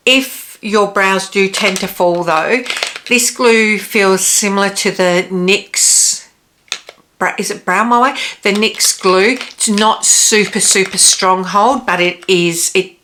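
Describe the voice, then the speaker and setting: A woman's voice: medium pitch, slow pace, pushed and bright, slight background noise. A woman in her forties, a beauty vlogger, doing a casual makeup review and giving chatty, practical tips straight to her viewers. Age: 40s.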